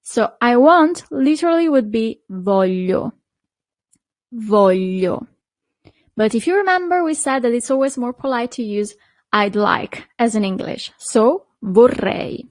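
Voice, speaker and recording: A woman, teaching a beginner language lesson, pronouncing each word slowly and repeating it with brief praise. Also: a little high, lively intonation, no echo. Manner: slow, clearly repeated pronunciation with short praise.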